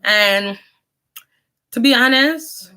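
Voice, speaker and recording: A woman's voice: fairly high pitch, very slow, pushed and bright, clean tone. Jamaican woman rambling through her life story. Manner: rambling, repeats and restarts, patois phrases. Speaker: vlogger. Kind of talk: casual life-story monologue.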